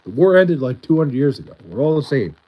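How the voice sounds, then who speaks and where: A man's voice: mid-range voice, sing-song, fairly quick, dark tone, rough recording. A man with a Long Island accent chatting casually on a livestream, rambling and leaning on "like" as he answers his chat. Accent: Long Island New York. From Long Island, New York. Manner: rambling, heavy use of "like" and restarts.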